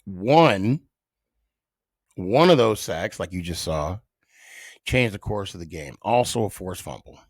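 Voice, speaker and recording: Middle-aged male podcast host; lower voice, dramatic pauses, dry close mic. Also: no echo. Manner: animated storyteller with dramatic pauses. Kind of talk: casual solo podcast storytelling.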